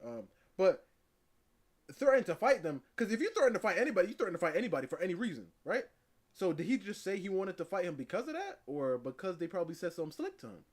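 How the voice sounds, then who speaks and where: Animated streamer man, lively pitch. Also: fast talker. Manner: animated, laughing, repeats words for emphasis. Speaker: live-stream host. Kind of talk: casual chat reacting to a video.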